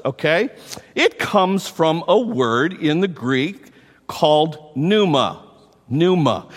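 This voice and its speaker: A man preaching a teaching sermon to a congregation. He repeats key words slowly and asks the listeners questions. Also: on the high side, a bit bright. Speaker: pastor. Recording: long hall reverb.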